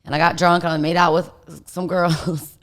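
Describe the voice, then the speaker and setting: A woman's voice: lowish voice, flat delivery, normal speed, fairly bright tone. A woman guest telling a story in casual chat, rambling with lots of fillers and swearing.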